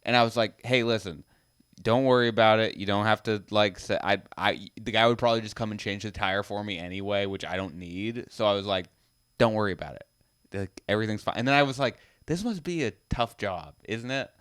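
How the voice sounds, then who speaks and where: A man's voice: fairly low pitch, brisk, a bit bright, smooth. A young adult man co-hosting a podcast, telling stories in casual chat, acting out quotes and swearing freely. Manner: storytelling with acted-out quotes, profane. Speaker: podcast co-host.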